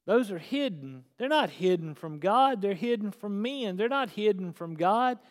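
A male pastor preaching a sermon, swinging between hushed and shouted passages. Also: high-pitched, lively intonation, a little slow. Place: church sanctuary. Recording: echoey church hall.

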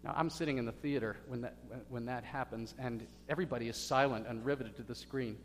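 A man preaching a sermon as pastor, telling stories dramatically and swinging from hushed words to loud bursts. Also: mid-range voice, quick pace. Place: church sanctuary. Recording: echoey hall with faint hum.

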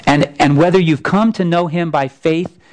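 A man's voice: fairly high pitch, fairly even intonation, normal speed, poor audio. Earnest man preaching a sermon. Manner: earnest, repeats phrases and restarts. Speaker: pastor. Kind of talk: sermon with story reading.

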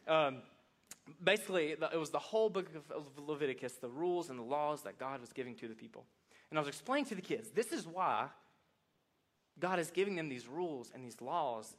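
Male pastor, folksy, animated sermon delivery. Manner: animated, swings from soft reflective lows to loud excited highs; folksy, addresses congregation as y'all. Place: church sanctuary.

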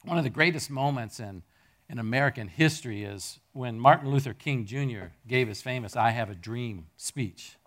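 A middle-aged man preaching a sermon to his congregation. He tells stories in an animated way, jumping from loud peaks to near-murmurs. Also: medium pitch, moderate pace. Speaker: pastor. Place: church hall with a congregation.

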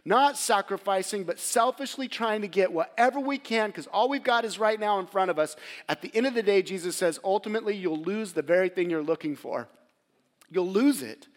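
A man preaching to a congregation in a church sanctuary, his voice sitting a little high for a man. He moves from loud, fervent exhortation down to near-hushed passages, pressing his points with earnest passion. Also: a little fast, few pauses. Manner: impassioned, swings from loud exhortation to hushed quiet. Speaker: pastor. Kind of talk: sermon.

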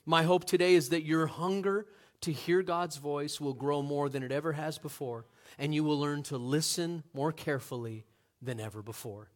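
A man's voice: fairly high pitch, fairly even intonation, normal speed. A man preaching a sermon as a pastor, earnest and emphatic, with rhetorical questions to the congregation.

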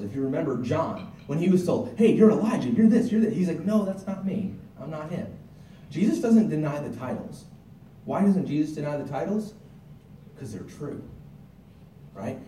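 A man's voice: mid-range voice, mellow, a little hiss or hum. A male pastor giving a sermon in a conversational way, with restarts and asides, recorded from a distance in a church. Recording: roomy, from a distance.

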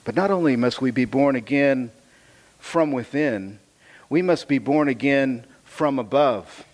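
A man's voice: medium pitch, unhurried, darkish tone. A man preaching a sermon. He reads scripture and explains it in a conversational way, repeating phrases for emphasis. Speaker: pastor.

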